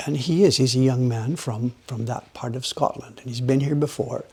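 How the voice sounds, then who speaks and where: A man with a gravelly, slightly husky voice talks casually to his livestream viewers while carving in his workshop. He rambles and tells stories with animated bursts, often dropping to a quiet murmur at the ends of his phrases. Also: medium pitch, moderate pace. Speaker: livestream host, woodblock carver. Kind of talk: casual chat while working.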